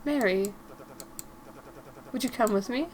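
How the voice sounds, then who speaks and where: A woman voicing a gentle, polite young man while reading a visual novel aloud, in a calm, soothing manner. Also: fairly high pitch, takes it slowly, a little hiss or hum.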